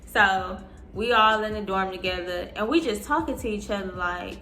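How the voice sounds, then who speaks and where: A young woman in her twenties telling an animated storytime, acting out what people said. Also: mid-range voice, moderate pace, slight background noise. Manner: animated, acting out quotes in voices. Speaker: vlogger. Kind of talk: storytime vlog. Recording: echoey room with soft music. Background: soft background music.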